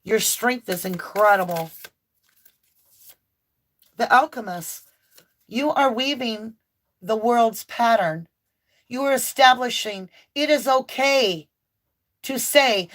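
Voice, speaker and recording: Slow, impassioned woman tarot reader. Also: a little high, lively intonation. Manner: impassioned, preachy, emphatic declarations. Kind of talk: spiritual tarot reading monologue.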